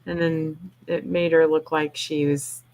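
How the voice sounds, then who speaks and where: Low-voiced woman chatting about travels. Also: level tone, measured pace, a little mellow, slight background noise. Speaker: guest, ghost hunter. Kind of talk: casual chat.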